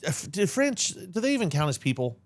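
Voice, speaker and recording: A man co-hosting a casual podcast, loud and animated, full of crude jokes. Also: high voice, a little fast. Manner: animated, crude humor, mock voices. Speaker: podcast co-host.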